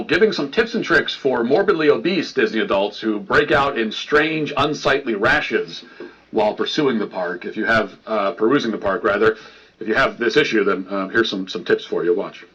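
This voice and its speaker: A man narrates a commentary video in a measured, dry tone. His voice has a husky edge. The sound is dull and lo-fi, like a video replayed on stream. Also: medium pitch, fairly bright tone. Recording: muffled lo-fi video playback.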